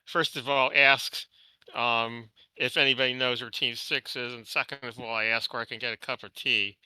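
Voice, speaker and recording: Stammering bright-voiced male player. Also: medium pitch, steady tone, moderate pace, clear, resonant tone, dry recording, rough recording. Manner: stammering, repeats words. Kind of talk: tabletop role-play.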